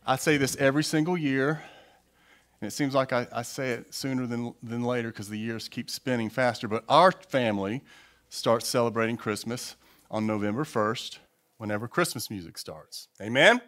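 A man's voice: medium pitch, normal speed. A man in his fifties preaching a sermon to a church congregation in a loose, conversational way, with frequent restarts. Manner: conversational, animated, with repeated restarts. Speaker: pastor.

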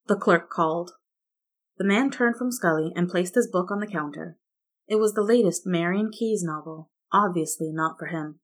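A woman narrating a story in a steady, even reading voice. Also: on the low side, moderate pace. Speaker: fan fiction reader.

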